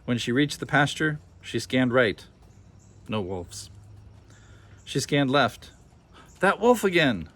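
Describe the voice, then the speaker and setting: A man reading a children's picture book aloud with expressive, animated storytelling. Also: medium pitch, measured pace. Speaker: storybook reader.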